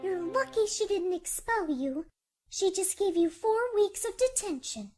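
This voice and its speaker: A woman voicing a gentle, patient mother mare who speaks softly and soothingly to her daughter in a fan-made cartoon. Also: very high-pitched, animated, a little slow, faint music behind. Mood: scolding. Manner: soft and soothing. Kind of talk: fan-made animated film dub.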